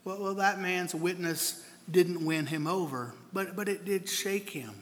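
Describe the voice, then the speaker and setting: A man's voice: sits high, measured pace. A man preaching a sermon in an earnest way, often repeating the first words of a phrase as he tells stories. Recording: long hall reverb, faint room noise.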